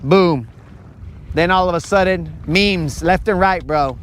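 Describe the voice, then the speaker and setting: A man with a fairly high voice spins a playful, rambling joke out loud, jumping in and out of quick impressions of the people in his story. He sounds laid-back and unscripted, like a podcast host recording out on a fishing boat. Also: slight background noise. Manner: playful, acts out imagined dialogue in put-on voices. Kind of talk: casual joking monologue.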